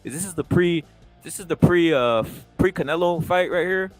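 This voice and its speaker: A man hosting a casual live boxing reaction stream, talking loosely with profanity and excited banter. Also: on the high side, moderate pace, faint music behind. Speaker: host.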